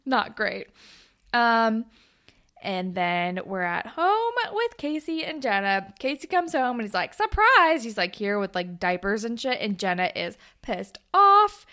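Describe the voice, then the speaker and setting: A woman's voice: medium pitch, big pitch swings, measured pace, bright, forceful tone. A young woman co-hosting a podcast, recapping a TV episode in casual chat, laughing often and filling with "like" and "um". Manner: chatty, laughs often, lots of "like" and "um". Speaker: podcast co-host.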